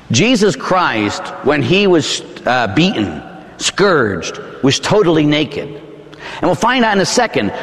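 Theatrical preacher with a gravelly voice. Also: male voice, a little high, in a large hall. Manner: vivid, theatrical storytelling with sudden shouts. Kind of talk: dramatic sermon.

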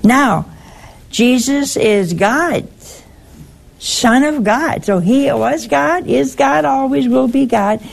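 An older woman hosting a call-in religious talk show, answering a caller slowly and emphatically and quoting scripture. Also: high-pitched, creaky. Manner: slow, emphatic, quotes scripture.

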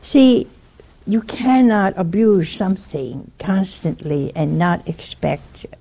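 A woman speaks in a low, husky voice, slow and unhurried. Her tone is mellow and earnest, and she tells her story plainly with a quiet urgency. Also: expressive. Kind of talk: earnest spoken warning and storytelling.

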